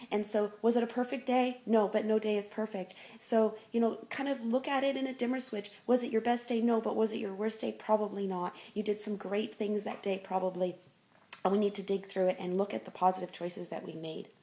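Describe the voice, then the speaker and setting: A woman's voice: mid-range voice, mellow. A woman life coach giving an encouraging motivational talk, her speech full of ums and you-knows.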